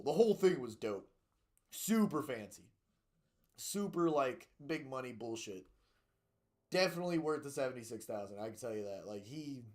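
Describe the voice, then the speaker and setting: A young man streaming a game, chatting casually and telling rambling, profanity-laced stories. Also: medium pitch. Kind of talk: casual chat while gaming.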